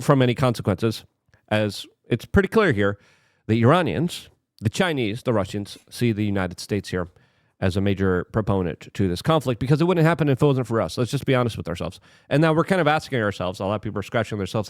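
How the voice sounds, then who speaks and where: Heated, animated male political commentator. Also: on the low side, dry recording, studio quality. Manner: heated, sarcastic, talks straight to the viewer.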